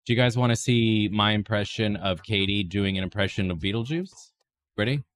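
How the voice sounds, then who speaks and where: A man on a livestream doing a goofy impersonation of another streamer, rambling and playful, swinging from silly squeals to deadpan mumbles. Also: fairly low pitch, normal speed, no echo. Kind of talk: comedic stream chat impersonating a woman streamer.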